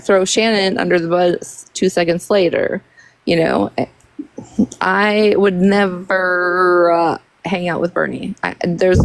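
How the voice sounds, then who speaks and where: A woman's voice: fairly low pitch, vocal fry, a little hiss or hum, poor audio. A woman talking bluntly in a casual group chat, outspoken and swearing.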